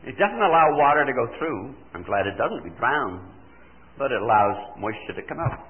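Animated older man preaching, tinny sound. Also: mid-range voice, normal speed. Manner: animated, asks rhetorical questions, mimics listeners' replies. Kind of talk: sermon. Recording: tinny phone-like recording.

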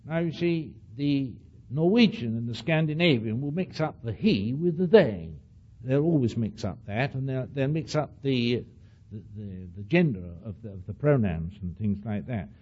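A man with an accent tells a story to an audience as a digressive, animated lecture, often saying "you see". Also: mid-range voice, normal speed, husky. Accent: non-native English accent. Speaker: speaker addressing an audience. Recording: dull lo-fi old recording.

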